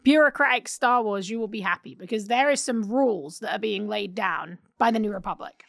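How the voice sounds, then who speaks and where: A woman's voice: medium pitch, brisk, vocal fry, no echo, studio quality. A woman co-hosting a podcast, discussing a TV episode in an enthusiastic, analytical way. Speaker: podcast co-host.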